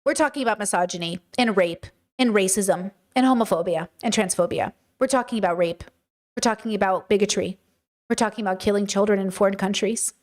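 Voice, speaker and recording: A woman's voice: medium pitch, brisk. A woman hosting a livestream, reading chat comments aloud and answering them bluntly, with frequent swearing and exasperation. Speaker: livestream host.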